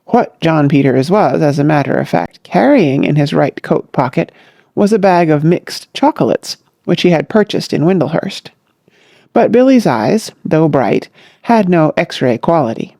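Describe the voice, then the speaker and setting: A narrator reading a classic comic novel aloud in a measured, scripted way. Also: mid-range voice, creaky, dark tone, dry recording, studio quality. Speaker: audiobook narrator.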